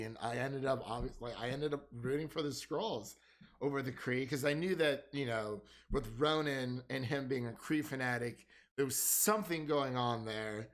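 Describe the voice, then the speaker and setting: Man, co-host of a film review chat, loose rambling delivery, lots of filler, quick to laugh. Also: mid-range voice, fairly bright tone. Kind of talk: casual chat.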